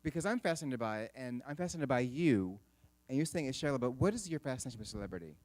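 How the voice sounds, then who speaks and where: Male audience member: eager, fast, lively questioner. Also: mid-range voice.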